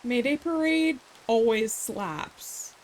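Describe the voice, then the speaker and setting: A woman streamer chatting casually while she plays a game. Her voice sits a little high, and her talk rambles, with sarcastic asides along the way. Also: animated, slow pace. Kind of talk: casual gameplay chat.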